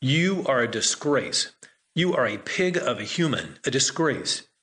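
A man's voice: mid-range voice, animated, a bit bright. A man voicing a proud, clipped elderly man. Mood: furious. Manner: clipped, hurried speech. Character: elderly proud bilingual man, courtly but quick to rage.

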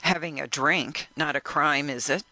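Man voicing a tipsy, gruff, evasive man. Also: a little high, normal speed, bright, forceful tone, no echo. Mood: brusque. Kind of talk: audiobook reading.

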